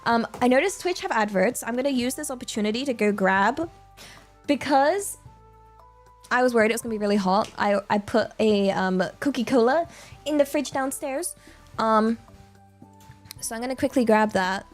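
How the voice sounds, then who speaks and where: A woman's voice: fairly high pitch, expressive, normal speed, long pauses, soft background music. Chatty, rambling British young woman. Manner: rambling and chatty, full of filler words and laughter. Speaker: livestreamer. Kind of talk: casual stream chat.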